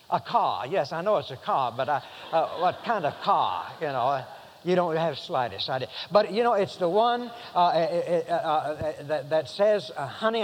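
A man's voice: high voice, big-room sound, poor audio. A man preaching a sermon, rambling with many fillers and restarts, then building to emphatic passages.

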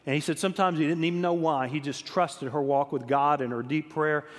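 A man's voice: on the high side, fairly even intonation, brisk, in a large hall. A man preaching a sermon, telling revival stories emphatically and often repeating words as he builds his point.

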